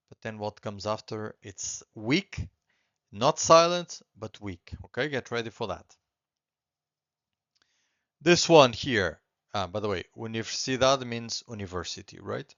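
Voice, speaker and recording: A man teaching a beginner language lesson, patiently repeating words slowly and clearly. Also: mid-range voice, lively intonation, fairly bright tone, no room sound, dull audio.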